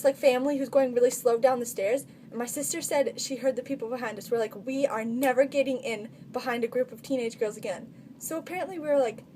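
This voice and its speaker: A teenage girl chats through her funny stories for a vlog, stringing thoughts together with a constant "like." Her voice sits a little high with a mellow, soft tone. A faint background noise hums under the recording. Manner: chatty, constant filler "like". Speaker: vlogger. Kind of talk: casual storytelling vlog.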